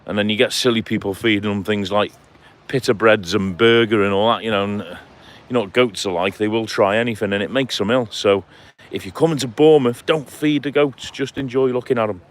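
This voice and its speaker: A man's voice: on the low side, brisk. A man live-streaming on a clifftop walk by the sea, chatting casually and reading out viewers' comments by name. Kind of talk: casual live-stream chat while walking. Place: outdoors on a seaside clifftop walk.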